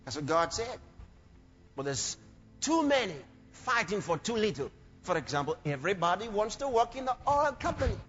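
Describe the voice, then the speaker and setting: A very high-pitched man preaching with fervor, breaking into shouts and playing out little scenes. His voice rings through a long hall reverb and sounds dull and muffled, with faint music underneath. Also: sing-song, normal speed. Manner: fervent, shouting bursts and acted quotes. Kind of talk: sermon. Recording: dull, echoey hall recording.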